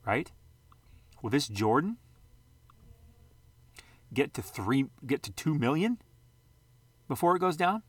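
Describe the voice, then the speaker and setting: A man's voice: on the high side, big pitch swings, slow pace, pauses often, husky, no room sound. A man hosting a casual vlog, rambling and conversational, throwing out rhetorical questions and the odd mild curse. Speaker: sports card channel host.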